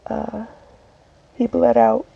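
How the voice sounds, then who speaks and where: A woman telling a personal story while crying, halting and tearful, with many restarts. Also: a little high, little pitch movement, vocal fry, breathy edge. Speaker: vlogger. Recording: dull lo-fi audio with faint background noise.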